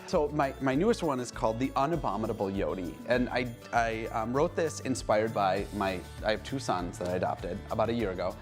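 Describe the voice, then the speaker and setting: A man's voice: lowish voice, expressive, a little fast, hardly any pauses. Guy author walking through how he made his kids book, easy casual chat, bit of music under it. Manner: explains step by step, with restarts. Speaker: children's book author and illustrator. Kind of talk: casual interview talk.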